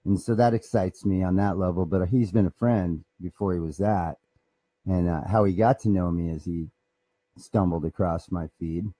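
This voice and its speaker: A man's voice: low-pitched, mellow, husky, no room sound. A man who runs a guitar shop, talking in a rambling, profane and boastful way. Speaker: guitar shop owner and bassist. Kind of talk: casual comedic monologue.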